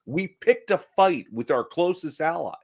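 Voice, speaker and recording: A man's voice: a little high, lively intonation, unhurried, breathy edge. A man co-hosting a casual podcast, stammering through indignant points. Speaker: podcast co-host. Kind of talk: casual chat.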